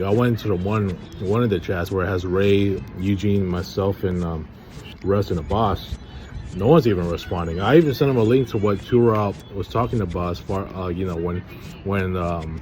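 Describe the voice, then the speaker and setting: A man with a somewhat low voice talks in a halting, rambling manner, weary and frustrated. He vlogs outdoors, and faint city ambience hums behind him. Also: darkish tone, a little hiss or hum. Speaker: vlogger. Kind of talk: casual rambling monologue.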